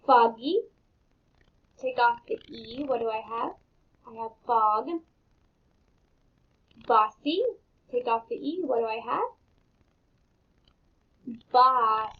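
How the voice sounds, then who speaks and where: Gravelly-voiced woman teaching phonics. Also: on the high side. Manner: patient, encouraging, spells words out letter by letter. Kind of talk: phonics lesson for young children. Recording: dull lo-fi sound.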